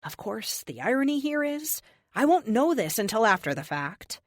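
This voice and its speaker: A woman narrating a first-person audiobook in an expressive, youthful, wry manner. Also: fairly high pitch, moderate pace, dry recording, studio quality.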